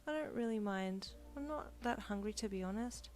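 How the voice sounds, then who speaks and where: A woman voicing a pregnant young wife who is tearful and pouty, speaking high and whiny. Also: expressive, moderate pace, darkish tone, lightly acted.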